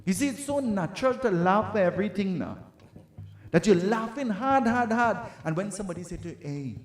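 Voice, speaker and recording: High-voiced man preaching in a roomy hall. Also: fairly quick. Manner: animated, teasing, asks the audience "huh?". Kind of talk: storytelling sermon. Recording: roomy hall with faint tabla music.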